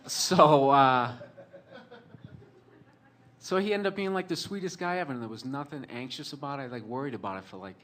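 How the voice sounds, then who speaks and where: A man's voice: mid-range voice, normal speed, pauses often, fairly bright tone. A man telling a long personal story in a rambling, profane, sardonic way, full of fillers like "like" and "you know". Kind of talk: storytelling monologue.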